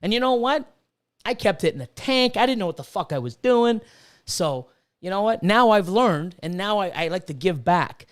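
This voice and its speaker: Middle-aged man, higher-pitched voice, heated and profane casual stream rant. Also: expressive, moderate pace, clean tone. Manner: profane, heated, repetitive ranting. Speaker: livestream host and reptile breeder.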